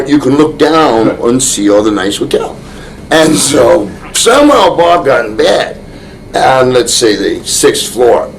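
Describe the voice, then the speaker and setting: A man as an interview guest, telling a rambling anecdote full of restarts, often chuckling and getting animated. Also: on the high side, low-quality recording.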